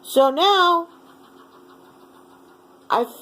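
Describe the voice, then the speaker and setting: High-pitched woman ranting on camera; slow, seething, heavy profanity. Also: lively intonation, a bit bright, low-quality recording. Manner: furious, profane, swears constantly. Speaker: vlogger. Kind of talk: angry rant to camera.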